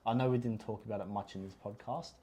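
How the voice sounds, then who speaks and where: A man's voice: on the low side, steady tone, fast talker, mellow, slight background noise. A young man co-hosting a podcast, chatting casually with laid-back, jokey banter. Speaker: podcast co-host. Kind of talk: casual chat.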